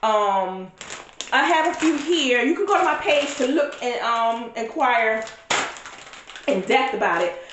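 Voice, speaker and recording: A woman's voice: a little high, expressive, a little slow, reverberant, background noise. A woman talking straight to camera in a casual vlog, blunt and profane, full of strong opinions. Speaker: vlogger reviewing a reality show.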